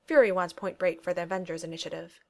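A woman's voice: on the low side, steady tone, fast talker, darkish tone, natural voice. A woman reading a snarky billionaire inventor man. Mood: wry. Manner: wisecracking and flippant. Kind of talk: audiobook reading of fan fiction.

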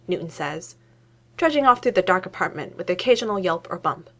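A woman narrating a story aloud in an expressive reading voice. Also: lowish voice, brisk.

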